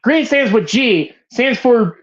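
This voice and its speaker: A woman's voice: a little high, animated, slow pace, slight background noise. A woman hosting a casual movie show, talking passionately with frequent swearing and restarts. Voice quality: emphatic, profane, rambling with restarts. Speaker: host of a movie bracket show. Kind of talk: casual, passionate film talk. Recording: slightly dull lo-fi sound.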